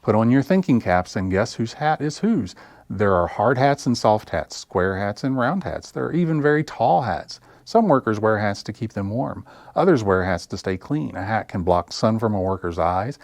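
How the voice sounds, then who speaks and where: A man's voice: lowish voice, dry recording. Man reading picture books aloud. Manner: slow, expressive storytelling. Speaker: children's librarian. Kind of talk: picture-book read-aloud.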